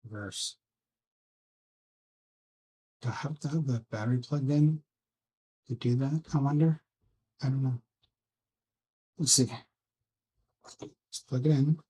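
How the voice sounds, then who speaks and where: A man hosting a casual build vlog, rambling softly to his viewers and himself while he works at a bench indoors. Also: medium pitch, slow pace, pauses often, breathy edge. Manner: soft, rambling self-talk with musing asides. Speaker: drone hobby channel host.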